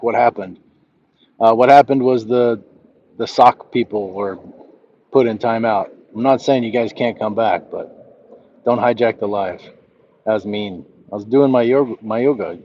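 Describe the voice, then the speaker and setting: A relaxed man hosting a livestream, reading viewers' comments and chatting back in an easy, friendly way. His voice sits on the low side. The stream audio is dull and lo-fi. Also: slight background noise. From Southwest United States. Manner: reads chat messages aloud, relaxed and friendly. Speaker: livestream host. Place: walking outdoors.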